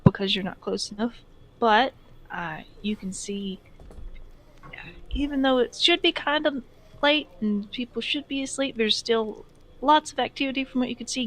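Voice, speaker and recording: A woman's voice: fairly high pitch, a bit bright, poor audio. A woman narrating a tabletop game as game master, setting the scene in a rambling, descriptive way over a headset. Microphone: push-to-talk headset.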